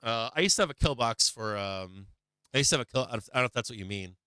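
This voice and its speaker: A man's voice: medium pitch, animated, quick pace, sharp tone, smooth, dry recording. A man hosting a livestream, chatting casually in a rambling, profane way and answering his chat. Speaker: livestream host.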